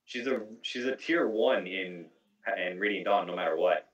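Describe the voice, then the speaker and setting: Low-voiced man, echoey and distant. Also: moderate pace, fairly bright tone, muffled recording. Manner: explanatory, walks through game details at length. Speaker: podcast host. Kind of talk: casual podcast chat about video games. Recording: echoey room, distant mic.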